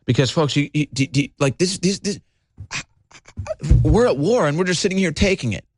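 A male talk show host delivering a heated, agitated monologue, swinging between low intensity and shouting. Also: lively intonation, moderate pace.

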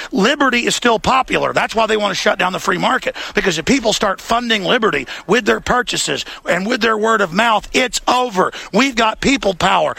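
A man's voice: high voice, creaky, bright, forceful tone, no echo. A man hosting a talk show, ranting in an impassioned way. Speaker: host.

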